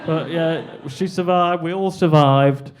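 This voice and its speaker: A man's voice: fairly high pitch, measured pace, some chatter behind, slight background noise. A young man doing a stand-up comedy set, rambling and self-deprecating, on a club stage with a handheld mic.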